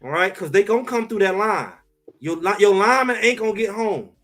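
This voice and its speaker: A man co-hosting a sports talk show in casual, emphatic chat, trash-talking and animated. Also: high voice, brisk.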